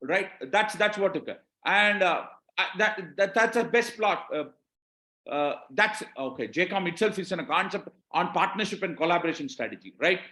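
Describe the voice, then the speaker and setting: A man's voice: high-pitched, expressive, normal speed, sharp tone, roomy sound. A man from Tamil Nadu with an Indian English accent, giving a business training talk, repeating points and often checking that the audience is with him. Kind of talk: live webinar talk.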